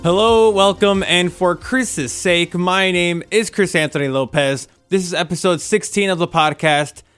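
A young man with a fairly high voice rants on his own podcast, emphatic and exasperated. He has a slight lisp, and his tone swings between frustration and disbelief. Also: unhurried, fairly bright tone, clean tone, faint music behind. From Indiana. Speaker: podcast host. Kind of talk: ranting solo podcast.

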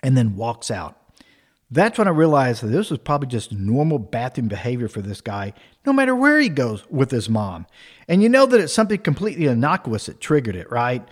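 A man's voice: mid-range voice, brisk. Casual man spinning a comic story. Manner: casual, animated, tag questions.

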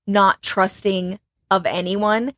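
A woman's voice: medium pitch, level tone, slow pace, a bit bright, no room sound. A woman hosting a podcast, casually retelling a true-crime case with lots of "like" and trailing phrases.

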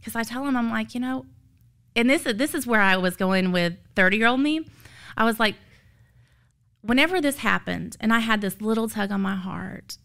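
A woman's voice: a little high, normal speed, gravelly, fairly bright tone, clear, resonant tone. A woman, a tired foster mother sharing her story as an earnest, emotional testimony of faith that rises to emphatic peaks. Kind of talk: heartfelt testimony.

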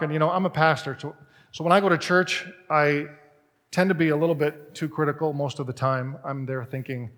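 A male pastor preaching with a slightly raised pitch, telling stories in a lively, conversational manner. His voice carries the long reverb of a large hall. He moves between scripture and everyday anecdotes. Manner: conversational, animated storytelling preacher. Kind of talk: sermon.

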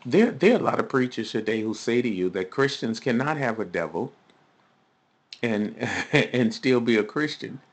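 A man's voice: medium pitch, expressive, normal speed. A male preacher giving a recorded teaching sermon, emphatic and often asking his listeners questions.

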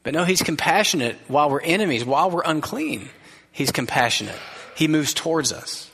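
A man preaching a sermon as pastor, earnest and conversational, dropping to a soft gentle voice for quoted words. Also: on the high side, expressive, a little fast, creaky, husky. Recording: long reverb of a large hall.

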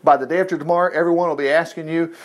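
A man's voice: a little high, fairly even intonation, very fast, lightly acted. A man voicing a loyal young prince. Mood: earnest. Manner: earnest, protective, eager.

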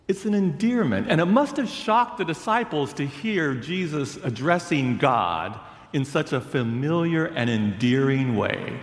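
Slow-speaking pastor in an echoey hall. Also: male voice, on the high side, sing-song. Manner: storytelling, slow and deliberate. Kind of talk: sermon.

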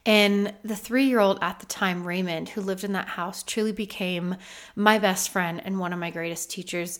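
Woman host, 30s, reflective personal storytelling, earnest and lively. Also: medium pitch. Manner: earnest, reflective, animated when retelling. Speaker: podcast host.

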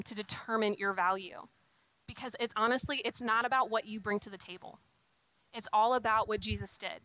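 A woman's voice: fairly high pitch, sharp tone, no echo, low-quality recording. A young adult woman giving an earnest, conversational sermon, with frequent restarts and casual fillers. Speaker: speaker giving a talk on faith and singleness.

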